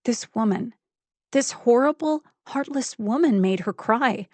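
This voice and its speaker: A woman's voice: mid-range voice, moderate pace, darkish tone, dry recording. Intense woman narrating a thriller. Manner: intense, building fury. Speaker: audiobook narrator. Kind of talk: first-person thriller narration.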